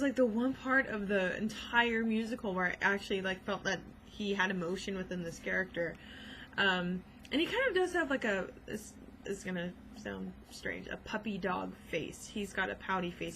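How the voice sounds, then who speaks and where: Young female vlogger, chatty and gushing, loose filler-heavy delivery, mid pitch. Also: sharp tone, slight background noise, poor audio. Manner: gushing, rambling, many fillers. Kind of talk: casual chat.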